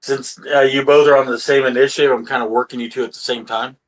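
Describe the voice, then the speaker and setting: A man's voice: mid-range voice, fairly even intonation, low-quality recording. Casual swearing man running a tabletop game. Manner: casual, swearing, halting with fillers. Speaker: game master.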